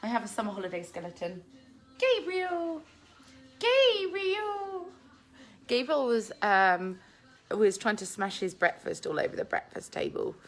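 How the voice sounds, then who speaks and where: A woman's voice: mid-range voice, fairly even intonation, fairly quick. A woman hosting a casual live Q&A from home, chatting and reading viewer comments aloud into a handheld phone. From England. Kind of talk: casual live-stream chat. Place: at home with family. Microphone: phone held in hand.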